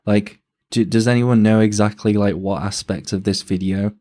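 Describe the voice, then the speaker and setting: A man reacts to a video during a live stream, thinking aloud with a halting, thoughtful delivery. His voice sits a little low, and he is often amused. He comments casually as he watches. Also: fairly even intonation, dark tone.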